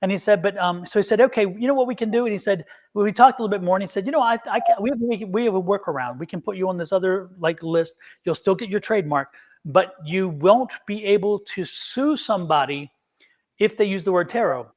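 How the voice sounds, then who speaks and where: A man's voice: high-pitched, quick pace. A man hosting a live tarot stream, telling a long story in a rambling way and acting out both sides of a phone call. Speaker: tarot reader, show host.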